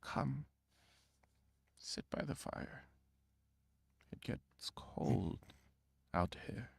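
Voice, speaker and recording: A man voicing a frail, hooded old man who speaks in a slow, half-whispered hush. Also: mid-range voice, expressive, vocal fry, husky, no room sound, voice pushed up, heavily acted. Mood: hushed, mysterious. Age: older.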